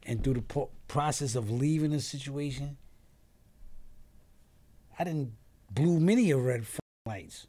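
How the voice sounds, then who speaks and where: Animated New man telling a story. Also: mid-range voice, a little slow, pauses often. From New York. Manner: animated storyteller who acts out quoted voices, swears freely; trails off and restarts mid-sentence. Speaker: podcast guest. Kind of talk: casual storytelling interview.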